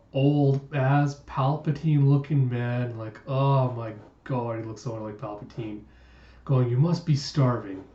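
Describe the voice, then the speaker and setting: A man casually reading through a comic and chatting about it with relaxed asides. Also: mid-range voice. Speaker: comic readthrough host. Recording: roomy, distant, dull lo-fi sound.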